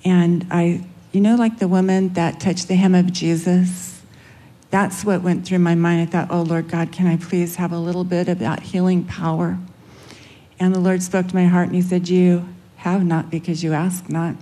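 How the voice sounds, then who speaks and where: A woman with a slow Californian drawl, telling a personal testimony as an interview guest, acting out the dialogue softly. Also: lowish voice, level tone. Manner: slow, soft storytelling, quotes dialogue.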